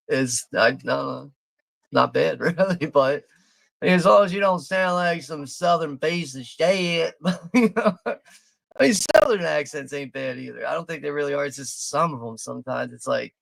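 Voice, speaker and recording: Gravelly, foul-mouthed man from Philadelphia. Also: medium pitch, normal speed, a bit bright, dry recording. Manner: profane, rambling, laughing often. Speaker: watch party host. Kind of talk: casual live commentary.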